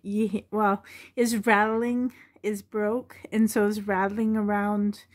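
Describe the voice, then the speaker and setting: Slow, gushing woman vlogger. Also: medium pitch, little pitch movement. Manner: gushing, emotional, with frequent laughs and sighs. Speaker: doll collector vlogger. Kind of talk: casual unboxing vlog. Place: on the floor at home.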